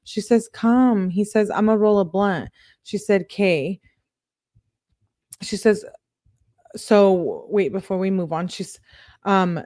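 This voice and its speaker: A young woman reads text messages aloud for a true crime commentary, breaking off into casual, chatty asides. Her voice sits at an ordinary pitch. The recording is dry and close, with no room sound. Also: takes it slowly, pauses often, mellow, dry recording.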